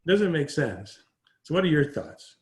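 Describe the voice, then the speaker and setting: A man's voice: a little high, sing-song, a little slow. Male host, conversational, reads viewer questions; roomy echo. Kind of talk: interview.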